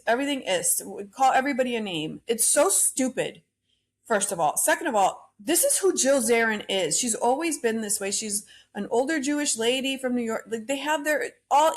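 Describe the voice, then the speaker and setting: A woman hosting a solo podcast, ranting bluntly and opinionatedly about pop culture and swearing freely. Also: on the high side. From Cuban-American. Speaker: podcast host.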